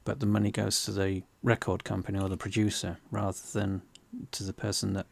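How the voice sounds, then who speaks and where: A man's voice: lowish voice, monotone, brisk, gravelly. A man casually explaining a 3D program on screen, with many ums and restarts. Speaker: 3D tutorial host. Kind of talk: casual screen-share chat.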